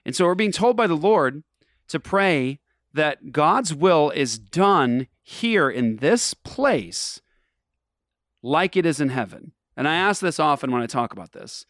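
A man's voice: on the high side, a bit bright, dry recording, studio quality. A man hosting a faith radio show, talking in an earnest, emphatic, preacherly way. He sounds tired from travel. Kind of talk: casual faith talk.

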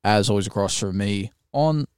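A man's voice: lowish voice, normal speed, darkish tone, a little hiss or hum. A man hosting a podcast in casual chat, goofy, joking around and swearing. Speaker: podcast host.

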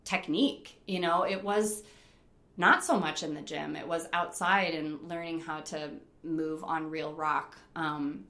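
A middle-aged woman from upstate New York telling stories in a casual interview, animated, laughing often and using lots of fillers. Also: sits low, measured pace, reverberant. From Rochester, New York. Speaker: interview guest, rock climber.

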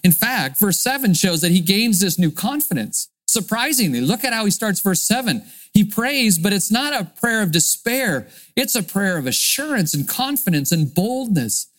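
A man's voice: high-pitched, normal speed, hardly any pauses. Earnest male pastor preaching. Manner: earnest, expressive teaching with dramatic readings of scripture. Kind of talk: sermon.

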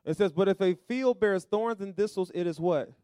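A male pastor preaching a sermon, calling to the congregation and rising to loud emphatic bursts. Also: high voice, moderate pace, clean tone, no room sound, clean studio sound.

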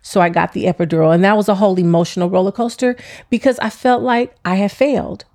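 An expressive woman tells her own story in a mid-pitched voice. She jumps into her past self's words with lively, frank, sometimes profane asides. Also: fast. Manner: animated, acts out her own past speech, swears freely. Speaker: interviewee recounting her childbirth. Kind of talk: personal storytelling.

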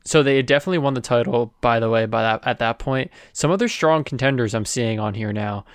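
A man's voice: medium pitch, fast talker, clean tone, no room sound, clean studio sound. A man co-hosting a casual podcast, chatty, leading the segment questions. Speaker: podcast co-host. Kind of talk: casual sports podcast chat.

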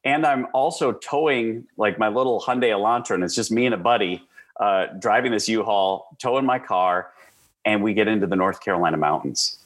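A man from the American Midwest with a fairly low voice, telling his stories as an interview guest. He talks casually and with energy, using plenty of fillers and restarts. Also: a little fast. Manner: animated, lively storyteller with frequent fillers. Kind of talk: casual conversational storytelling.

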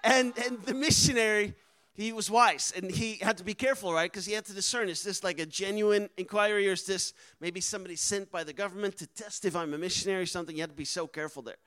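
A man with a high, light voice tells a mission-field story in a lively storytelling style. He speaks with animated energy and pushes up to loud, emphatic moments. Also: fast talker. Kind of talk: storytelling sermon.

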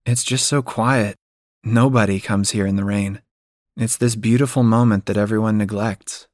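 A man's voice: lowish voice, fairly even intonation, moderate pace, no echo, clean studio sound, close to an everyday voice. A man reading a dreamy, playful young woman. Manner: gentle, reflective, with teasing turns. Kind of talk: audiobook dialogue.

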